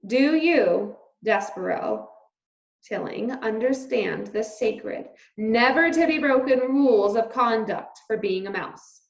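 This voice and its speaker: A woman's voice: on the high side, expressive, slow pace, vocal fry, full character voice. A woman voicing a stern, pompous male mouse leader who hands down commands. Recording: roomy, slightly dull recording.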